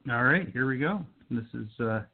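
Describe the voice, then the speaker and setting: A man hosting an online radio poetry show, introducing guests and shout-outs with upbeat enthusiasm. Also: mid-range voice, lively intonation, normal speed, vocal fry, a little hiss or hum. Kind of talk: casual call-in radio chat. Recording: tinny phone line.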